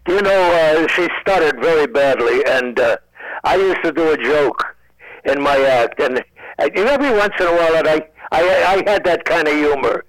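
High-voiced man in his nineties. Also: normal speed, no room sound, poor audio. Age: 90s. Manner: rambling, stammering restarts, dry wisecracks. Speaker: comedian guest. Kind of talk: joking radio interview. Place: at home.

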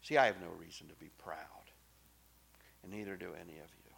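Bright-voiced male pastor preaching. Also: low voice, fairly quick, vocal fry, slightly rough. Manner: emphatic preaching, swinging from soft to loud. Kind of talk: sermon.

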